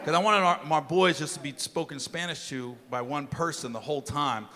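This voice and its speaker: A middle-aged man doing a stand-up comedy set, loud and profane, with shouted punchlines. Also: fairly high pitch, fairly quick. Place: comedy stage before a live audience. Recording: loud crowd and noise of a live club show. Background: audience laughter.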